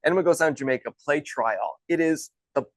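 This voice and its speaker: A man's voice: a little high, brisk, no room sound, rough recording. A man in his thirties, a golf instructor and former pro, telling stories in a loose, chatty way with many restarts. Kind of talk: casual storytelling.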